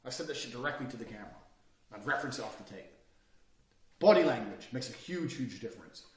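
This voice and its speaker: A man's voice: mid-range voice, lively intonation, fast. Blunt, profane man in an echoey room. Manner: profane, forceful and emphatic. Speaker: self-improvement speaker. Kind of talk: blunt motivational lecture. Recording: echoey room, mic at a distance.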